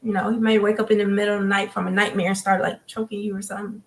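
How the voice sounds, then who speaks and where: Woman, review co-host, mid-pitched, calm, matter-of-fact. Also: very fast, rough recording. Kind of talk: casual spoiler review chat.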